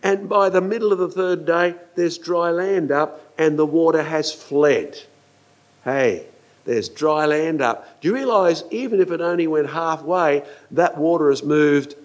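An older man preaching a sermon, animated, asking his listeners questions and acting out quotes. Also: a little high, unhurried.

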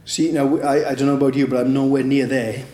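A man preaches informally at a Bible study, his mid-range voice level, brisk, and mellow in an echoey room. He talks conversationally, tagging his points with rhetorical questions like "isn't it?"

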